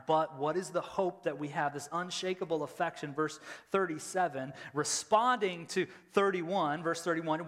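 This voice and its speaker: A male pastor preaching in a large church, his fairly high voice trailing a long reverb through the hall. He drops to quiet, confiding storytelling, then climbs into loud, fervent repetition. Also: moderate pace. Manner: swings from hushed, intimate storytelling to loud, impassioned preaching; repetitive, rhetorical emphasis. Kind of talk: sermon. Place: church sanctuary.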